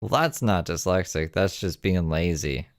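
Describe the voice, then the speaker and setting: A speaker with a very deep, gravelly voice making dry, teasing asides in a casual chat. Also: lively intonation, moderate pace, no echo.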